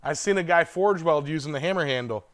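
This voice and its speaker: A man's voice: fairly high pitch, a little fast. A man hosting a blacksmithing livestream, chatting in a laid-back way with his viewers from his forge. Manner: laid-back, chuckling, talks to chat. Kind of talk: casual livestream chat.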